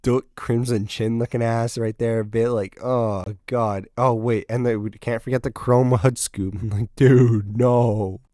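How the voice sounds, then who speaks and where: A man's voice: mid-range voice, steady tone, measured pace, hardly any pauses, warm tone, dry recording. Brash, swearing young man, dry close sound. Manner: profane, blunt and mocking, with sudden outbursts. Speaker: reaction video host. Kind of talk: casual reaction commentary.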